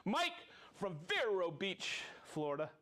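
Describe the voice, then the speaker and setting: Jovial high-voiced male show host. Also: huge pitch swings, unhurried, pushed and bright. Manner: jovial, chatty, laughs often. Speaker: host of a live product show. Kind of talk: casual live-stream chat, reading out viewer names.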